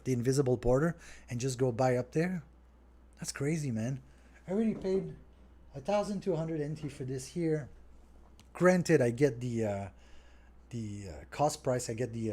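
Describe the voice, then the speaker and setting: A middle-aged French Canadian man from Montreal, talking casually and rambling a little as he answers viewer questions on his podcast. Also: mid-range voice. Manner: relaxed, rambling, talks straight to viewers. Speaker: restaurant owner hosting a Q&A.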